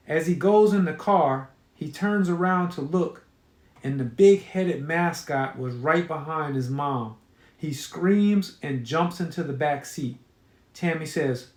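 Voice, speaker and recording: A man's voice: on the high side, slow, a little mellow. A man reading his own horror story aloud in a casual storytelling manner, with occasional fillers. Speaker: author. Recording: roomy echo.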